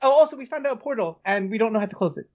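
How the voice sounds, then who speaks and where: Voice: mid-range voice, animated, very fast, darkish tone, lightly acted. A player voicing a male adventurer who asks for help in a stammering, hesitant way. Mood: urgent. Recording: dull, lo-fi mic.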